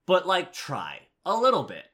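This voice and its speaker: Man, movie review co-host, lively swooping pitch, bright voice, loud ranting rants with mock voices. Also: normal speed. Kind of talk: casual chat.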